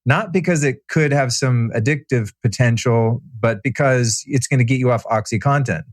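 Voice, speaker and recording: A man's voice: medium pitch, normal speed, no echo, studio quality. A man hosting a podcast, talking in a chatty, reflective way in casual conversation. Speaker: podcast host.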